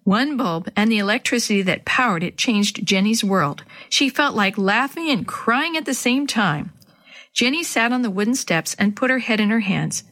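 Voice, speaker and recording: A woman reading a children's chapter book aloud to young listeners, in a gentle and clear storybook manner. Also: fairly high pitch, lively intonation, normal speed.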